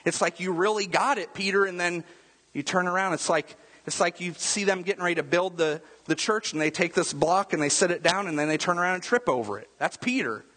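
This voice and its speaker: Husky pastor preaching in an echoing hall. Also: male voice, high voice, a little fast, pushed and bright. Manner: casual, rhetorical asides with frequent "right?". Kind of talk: conversational sermon.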